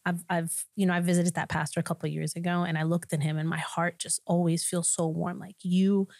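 A woman pastor sharing her personal testimony in a podcast conversation, an animated storyteller who acts out the people in her story and laughs often. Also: on the low side, fairly quick, creaky, no room sound. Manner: laughs often between lines.

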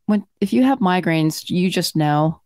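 A woman's voice: on the low side, lively intonation, a little slow, a little mellow, dry recording, studio quality. A woman who is a physician and podcast co-host, chatting casually and telling stories in detail with asides. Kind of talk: casual chat and storytelling.

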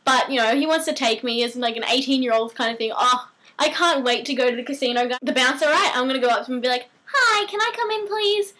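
Bubbly high-voiced Australian teen girl. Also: quick pace, a little hiss or hum. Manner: bubbly, giggly and excitable. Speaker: vlogger. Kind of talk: casual chat to camera.

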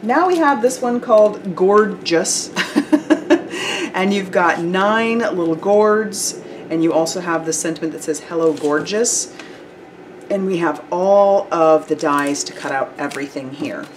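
A woman's voice: fairly low pitch, measured pace, a little hiss or hum. A woman hosting a card-making channel, chatting enthusiastically through a product review with casual fillers.

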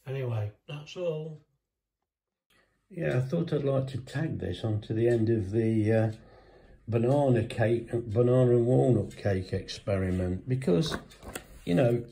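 A man with a dark, mellow voice, chatting away in a casual home cooking vlog. He talks to himself and to his viewers, tasting food between remarks. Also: medium pitch, a little slow, vocal fry, slight background noise. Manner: chatty, self-talking, talks with mouth full.

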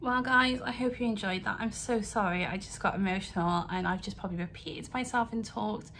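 A young woman talks to her camera from home in an earnest, rambling way, apologising as she goes. Her pitch sits in a middling range. A faint hiss of room noise stays under her voice. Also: a little fast, a bit bright. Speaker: vlogger. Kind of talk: emotional vlog rant to camera. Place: home, indoors.

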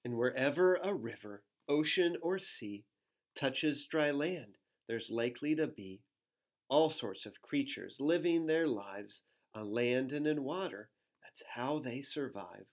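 A man, a pastor, reads a rhyming picture book aloud to children at home, adding gentle, playful asides and making animal sounds. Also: mid-range voice, expressive, unhurried.

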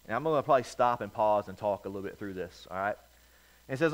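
A male pastor preaching a sermon in a storytelling manner, swinging between loud bursts and quiet asides. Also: lowish voice, fast talker, rough recording.

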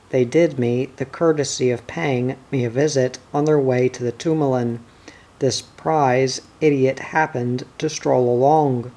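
A man's voice: medium pitch, darkish tone. A man reading the part of a fussy, educated schoolmaster who scolds his friends, in an audiobook. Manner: prim, scolding.

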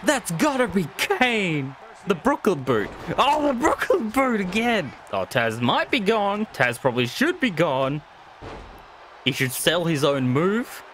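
Over a little hiss or hum, a young streamer gives casual live commentary on a wrestling video game in a fairly high voice, speaking a little slowly. Excitable and full of jokes, he swears heavily and laughs frequently.

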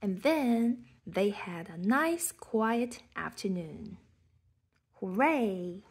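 Woman, picture-book reading, breathy half-whisper, slow, lively pitch. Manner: soft, half-whispered storytelling. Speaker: children's book reader.

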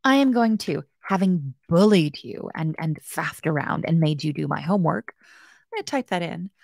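A woman's voice: medium pitch, creaky, no echo, studio quality. A woman hosting a live web development lesson. She is chatty and playful, mocks herself, and talks straight to viewers in the chat. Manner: chatty, playful and self-mocking. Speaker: web development bootcamp host. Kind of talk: casual live-stream coding tutorial.

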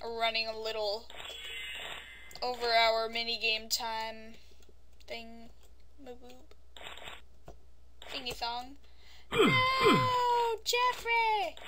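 A woman giving casual let's-play commentary into a desk microphone, chatty and prone to sudden yelps and yelling at the game. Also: fairly high pitch, flat delivery, slow, pauses often, background noise. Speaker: gaming YouTuber.

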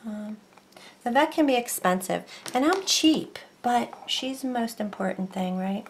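A woman's voice: medium pitch, a little slow, gravelly, background noise. A woman chatting casually through a home crafting tutorial, rambling and breaking off mid-thought. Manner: rambling, chatty, self-interrupting. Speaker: craft vlogger.

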